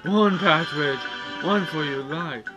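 A man playing a video game and commenting on it, yelling and exclaiming at what happens on screen. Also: on the high side, takes it slowly, highs cut off, over music. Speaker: let's play gamer. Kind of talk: excited gameplay commentary.

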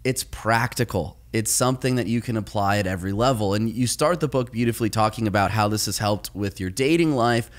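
Low-voiced male podcast host. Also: fairly quick, few pauses. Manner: relaxed, conversational, asks long framing questions. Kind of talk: interview questions.

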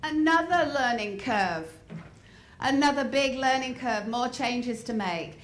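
English woman in her fifties, high voice; lively, funny motivational speaker quizzing her audience, in a roomy hall. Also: takes it slowly, slight background noise. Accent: softened English accent. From north of England. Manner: lively, humorous, asks the audience questions. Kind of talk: motivational storytelling talk. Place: large hall before an audience. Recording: roomy hall with faint crowd ambience.

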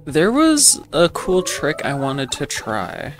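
A man's voice: fairly high pitch, huge pitch swings, slow pace, over music. A man casually commenting on a video game as he plays, rambling and self-deprecating with lots of fillers. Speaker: gaming channel host. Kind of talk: casual let's play commentary.

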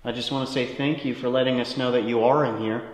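A man's voice: medium pitch, steady tone, fast talker. Young man coaxing spirits in an echoey hall. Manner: coaxing, pleading politely with spirits. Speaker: paranormal investigator host. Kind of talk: casual ghost-hunting narration. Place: large old ballroom and hallways of a historic saloon building, indoors. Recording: echoey hall with long reverb.

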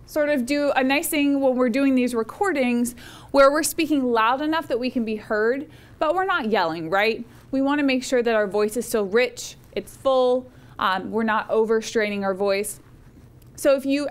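A woman teaching a college public speaking course in a recorded lecture, conversational and encouraging, often checking in with "right?". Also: a little high. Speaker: college speech instructor.

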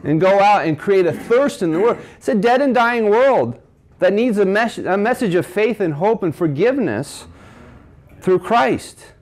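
A man's voice: high-pitched, lively intonation, measured pace. A man preaching to a men's group at a breakfast, asking the listeners questions and quoting scripture. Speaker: speaker at a men's ministry breakfast. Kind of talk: sermon. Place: cafe.

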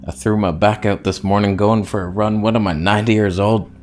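A man's voice: lowish voice, steady tone, brisk, darkish tone, faint music behind. A man vlogging in a casual, rambling, self-mocking way while in back pain. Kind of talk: casual vlog monologue.

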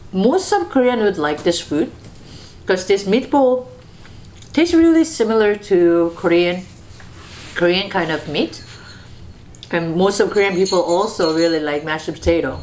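A woman's voice: fairly low pitch, a little hiss or hum, rough recording. A woman in casual chat, tasting food and giving her opinion with thoughtful, hesitant restarts. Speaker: wife tasting her husband's cooking.

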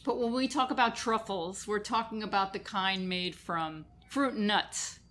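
Female radio food host, New York accent, relaxed chatty delivery, average pitch. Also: measured pace. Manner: chatty, laughs easily, lists ingredients. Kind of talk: casual chat about food. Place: radio studio.

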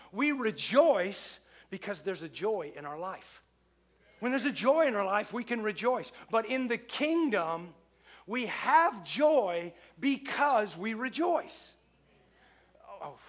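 A middle-aged man with a high voice preaches a sermon to his congregation. He keeps it conversational and leans on repeated phrases for emphasis. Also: a bit bright. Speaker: pastor.

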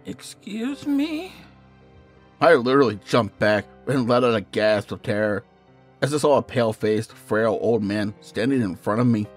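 A man narrating a first-person horror story in a measured, hushed storytelling manner. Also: fairly low pitch. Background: faint music.

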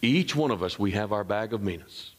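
A man preaching from the pulpit as pastor. His voice leaps up in fervent emphasis, then sinks low and hushed. He throws questions to the congregation as he goes. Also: lively intonation, fairly quick, breathy edge. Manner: preaching with wide swings, rising high in emphasis and dropping low and soft; call-and-response asides to the congregation. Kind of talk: sermon.

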